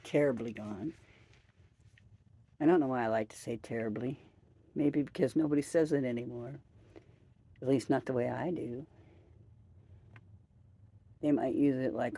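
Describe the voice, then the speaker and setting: A woman's voice: very deep voice, measured pace, long pauses, dark tone, breathy edge. A tired woman hosting a podcast outdoors at night, chatting in a loose, rambling way and amusing herself as she goes. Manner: rambling, musing, self-amused. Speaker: podcast host. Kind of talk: casual rambling chat. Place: outdoors at night by trees and floodlights.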